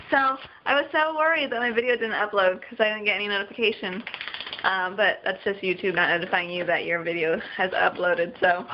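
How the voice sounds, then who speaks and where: A woman's voice: fairly high pitch, background noise. Bubbly woman gushing at her dogs. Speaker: vlogger. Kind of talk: casual home vlog. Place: home hallway. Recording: dull lo-fi home camera audio.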